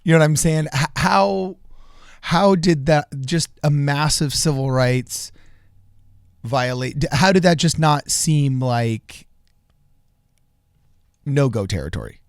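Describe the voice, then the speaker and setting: A man's voice: fairly high pitch, lively intonation, slow, pauses often, clear, resonant tone, dry recording, studio quality. A man co-hosting a political podcast, talking earnestly in a casual way, often restarting and repeating phrases, with bursts of laughter. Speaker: co-host.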